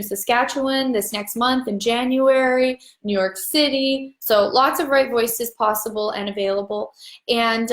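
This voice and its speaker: A woman's voice: mid-range voice, echoey room. A woman leading a voice class, giving a chatty, upbeat motivational talk to an online audience and rambling along with casual swearing. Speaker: voice class facilitator.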